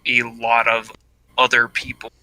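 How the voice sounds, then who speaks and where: A male podcast co-host in casual conversation. His voice is strikingly bright and sharp, and he picks his words slowly, with frequent pauses and fillers. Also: medium pitch, completely flat delivery, no echo, low-quality recording. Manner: hesitant, full of fillers. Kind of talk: casual live-stream chat.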